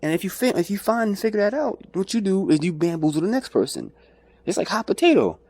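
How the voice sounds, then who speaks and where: A man's voice: high voice, big pitch swings, quick pace, a little mellow. A man ranting in a rambling, profane vlog monologue, jumping between mocking voices and his own. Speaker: vlogger.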